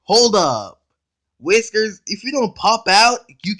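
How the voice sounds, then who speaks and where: Man, reaction commentary, bright tone, very animated pitch, slangy and blunt. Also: slow pace. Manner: excitable, blunt and profane, keeps interrupting with "hold up"; slangy, talks straight to viewers. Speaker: reaction video host.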